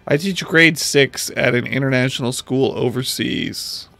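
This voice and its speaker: A man in his thirties chats with his stream viewers while he plays, talking slowly and casually. His voice sits at a middle pitch, and the desk mic is close and dry, with no room sound. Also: vocal fry, pushed and bright, dry recording. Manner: chatty, talks to chat while playing. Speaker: livestreamer. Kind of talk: casual gameplay livestream chat.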